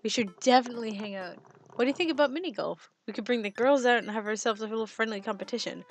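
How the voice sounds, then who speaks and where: A woman's voice: fairly high pitch, fast, a little hiss or hum, natural voice. A woman voicing a friendly, laid-back dad from a dating game, reading his text in an upbeat, dude-ish way.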